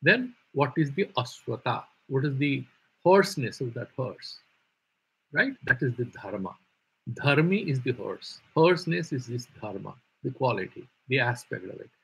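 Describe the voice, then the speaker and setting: A male Vedanta teacher, his voice gravelly and very husky at a middle pitch. He explains patiently in a live online class, posing rhetorical questions and circling back over the same terms. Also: lively intonation, moderate pace, a bit bright, rough recording.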